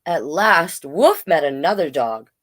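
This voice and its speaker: A drag king reads a children's story aloud at an unhurried pace, stopping for playful asides. The pitch sits on the low side but swings widely, with sudden loud animal noises. It sounds like a home computer mic. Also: big pitch swings.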